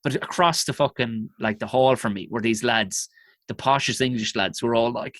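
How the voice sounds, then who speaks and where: A man's voice: medium pitch, moderate pace, no room sound. Irish male comedian, casual swearing storyteller, dry close sound. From Ireland. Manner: profane, animated anecdotes. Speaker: comedian guest.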